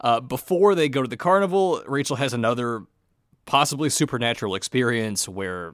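A man's voice: mid-range voice, lively intonation, a little fast, fairly bright tone, no echo, studio quality. A man co-hosting a casual podcast, recapping a plot with a wry tone. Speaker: podcast co-host. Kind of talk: casual chat recapping a TV show.

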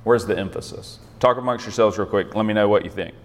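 A man with a fairly low voice talks fast in a big-room acoustic while leading a group Bible study. His teaching is conversational; he restarts phrases and keeps checking in with "right?"

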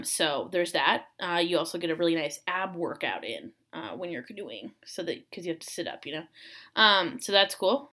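A woman's voice: on the low side, a bit bright. A young adult woman hosting a casual solo chat, rambling with many ums and uhs.

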